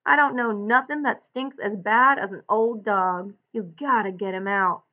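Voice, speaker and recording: A woman reading the part of a blunt, gruff male ranch hand in a folksy drawl, on a dull lo-fi recording. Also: mid-range voice, measured pace, natural voice. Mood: insistent.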